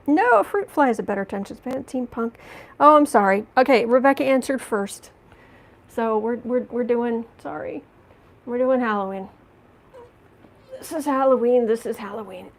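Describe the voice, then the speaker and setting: A woman's voice: a little high, lively intonation, moderate pace, poor audio. A woman hosting a live tarot reading stream, reading out viewer comments and reacting with outrage, with frequent restarts and apologies. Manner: heated, indignant, talks back to viewer comments. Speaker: tarot reader and livestream host.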